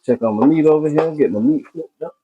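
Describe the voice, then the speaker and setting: A man's voice: a little high, fast, narrow, tinny audio, music in the background. A man hosting a casual cooking video, talking to viewers as he cooks and often repeating his phrases.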